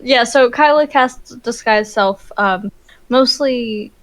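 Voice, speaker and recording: Woman player explaining her move, kinda high voice, lots of um and like. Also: slow, fairly bright tone. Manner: explaining with hesitant fillers. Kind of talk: casual tabletop play.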